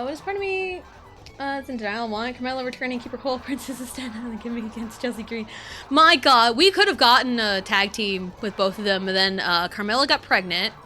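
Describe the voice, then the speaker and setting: Bright, lively woman streamer chatting while gaming. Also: a little high, normal speed, faint music behind. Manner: rambling, swears a lot and rants in bursts of frustration. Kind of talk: casual live-stream chat while gaming.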